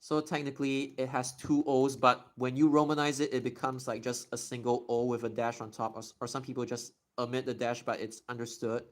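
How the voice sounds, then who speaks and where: A man's voice: medium pitch, level tone. Chatty young man on a live stream. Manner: chatty and explanatory, slowly stretching out demonstration words. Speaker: live streamer answering chat questions.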